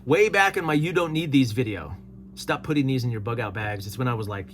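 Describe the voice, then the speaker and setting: A man's voice: mid-range voice, expressive, a little fast, a bit bright, slight background noise. A man hosting a casual solo commentary show, reading viewer comments aloud and replying with dry chuckles. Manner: laid-back, reads comments aloud and replies with chuckles.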